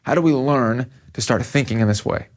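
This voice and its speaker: A man preaching a youth sermon to teenagers in a conversational, animated storytelling way. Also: mid-range voice, fairly quick. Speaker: youth pastor.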